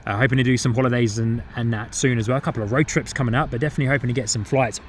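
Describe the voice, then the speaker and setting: A man's voice: mid-range voice, fairly even intonation, very fast, noisy background. A man with a New Zealand-tinged English accent, casually commentating live outdoors beside an airport and chatting with viewers, often repeating his own phrases. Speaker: plane-spotting livestream host.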